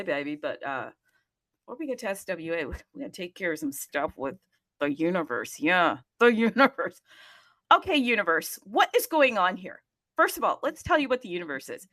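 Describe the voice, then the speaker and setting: A woman hosting a casual live audio show, bubbly and excitable, laughing and talking to herself between bursts of enthusiasm. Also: lowish voice, normal speed, no echo, clean studio sound. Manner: bubbly, excitable and playful, jumping between loud bursts and asides; frequent laughs and self-talk. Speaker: host.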